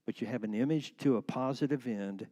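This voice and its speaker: A man teaching a church class on marriage in a relaxed conversational way, explaining with everyday metaphors. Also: medium pitch, a little fast, dull audio.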